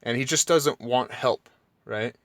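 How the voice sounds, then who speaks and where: A young man on a sarcastic, profane rant, his voice leaping high whenever he mocks someone. He speaks at a middling pitch. His voice sounds close and dry, with no room around it. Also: measured pace, dry recording. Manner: sarcastic, mocking, swears freely; excitable, voice jumps high when mocking. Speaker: channel host. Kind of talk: casual rant to viewers.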